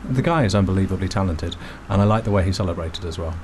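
A man co-hosting a casual football podcast, dropping dry, quick quips. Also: low voice, darkish tone, slight background noise. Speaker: podcast co-host.

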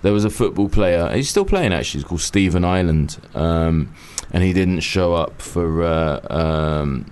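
A man's voice: sits low, moderate pace, hardly any pauses, darkish tone, clean tone. A man co-hosting a casual chat, telling wry anecdotes in a dry, offhand way with casual swearing. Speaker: podcast co-host.

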